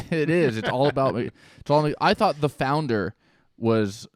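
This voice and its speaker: A man co-hosting a podcast, rambling in deadpan ironic banter and laughing often. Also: mid-range voice, measured pace, no room sound, clean studio sound. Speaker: podcast co-host.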